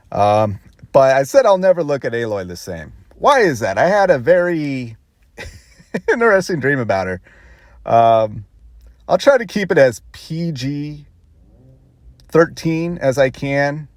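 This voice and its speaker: A man recounting a story in a loose, rambling vlog style, often laughing at himself. His pitch swings widely as he goes, and his voice sits at a middle height. The sound is dry with no room echo. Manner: rambling, animated, self-conscious laughter. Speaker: vlogger. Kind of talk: casual storytelling.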